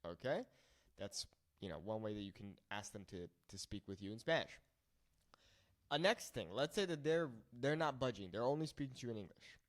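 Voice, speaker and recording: Lively male Spanish teacher. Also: lowish voice. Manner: lively, explains phrases slowly then repeats them. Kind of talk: casual video lesson.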